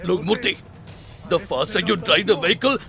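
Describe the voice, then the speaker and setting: An actor in a dubbed film playing an urgent elder brother who gives commands. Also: male voice, high-pitched, moderate pace, creaky, over loud music. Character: urgent elder brother, middle-aged man. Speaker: elder brother rushing in a vehicle.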